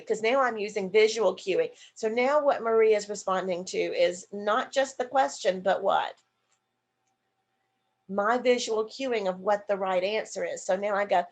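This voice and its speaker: A woman's voice: mid-range voice, normal speed. A woman nurse educator teaching an online seminar, acting out example questions and answering her own questions as she explains. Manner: demonstrative, acts out example questions to a partner. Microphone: video call.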